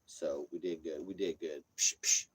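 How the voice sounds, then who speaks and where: A man's voice: a bass voice, fairly even intonation, moderate pace, fairly bright tone, breathy edge. A man livestreaming from his parked RV on a phone, rambling and repeating himself, swearing freely in casual chat. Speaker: streamer. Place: inside a parked RV.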